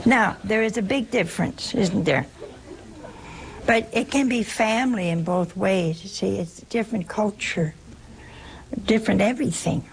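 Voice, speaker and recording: Older woman, gravelly folksy storyteller. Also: medium pitch, normal speed, low-quality recording. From United States. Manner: chatty storyteller who acts out quoted dialogue with a laugh. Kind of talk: folksy spiritual talk.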